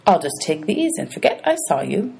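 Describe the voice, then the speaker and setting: A woman's voice: lowish voice, sing-song, a little fast, vocal fry, a little mellow, slightly rough, full character voice. A woman reading aloud, voicing a greedy ancient male ferryman of the dead who grumbles and haggles. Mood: suspicious. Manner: grumbling, sly, money-hungry.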